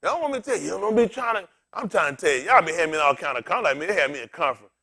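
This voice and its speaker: A man's voice: a little high, racing, creaky. A man preaching as pastor, telling jokes and talking straight to the congregation, bald and getting older. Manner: animated, joking with the congregation. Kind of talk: humorous conversational sermon.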